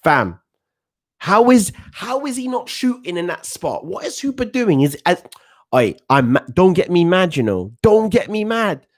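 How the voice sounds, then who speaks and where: A man's voice: high-pitched, very animated, unhurried, pitched above the performer's own voice, heavily acted. A man voicing a hot-headed teenage London street lad with a London accent, ranting in slang. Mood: exasperated.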